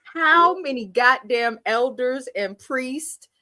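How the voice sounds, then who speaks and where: A woman in her thirties from Kenya hosts a live TV recap and tells the story in a lively, laughing, blunt way that is often profane. Her voice sits high. The recording is close and dry, with no room sound. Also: slow pace, no room sound. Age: 30s. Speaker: show recap host.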